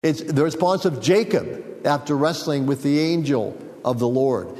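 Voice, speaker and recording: A man preaching a sermon, teaching in an unhurried, reflective way with frequent fillers and small jokes. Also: on the high side, a little mellow, big-room sound. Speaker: pastor.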